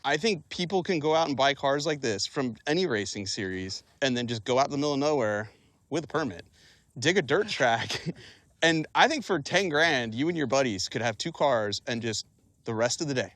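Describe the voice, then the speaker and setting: A man co-hosting a car show, giving excited commentary from behind the wheel and chatting casually, laughing often and exclaiming. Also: mid-range voice, normal speed, no echo. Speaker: show co-host.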